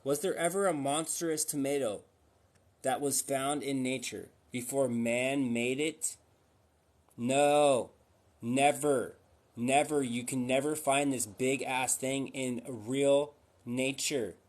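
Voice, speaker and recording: A man's voice: mid-range voice, fairly even intonation, slow. A man hosting a casual livestream, pushy and teasing, firing rhetorical questions at his viewers. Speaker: livestream host.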